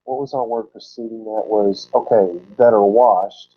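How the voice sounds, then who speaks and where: A man teaching from the Bible in a sermon style, explaining word roots and repeating key words slowly for emphasis. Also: lowish voice, breathy edge. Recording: dull lo-fi recording.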